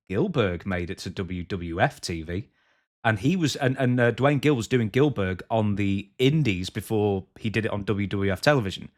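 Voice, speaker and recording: A man's voice: fairly low pitch, brisk. A man co-hosting a podcast, keeping the conversation moving and introducing segments. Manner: steers the conversation and moves segments along. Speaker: podcast co-host. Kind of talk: casual podcast chat.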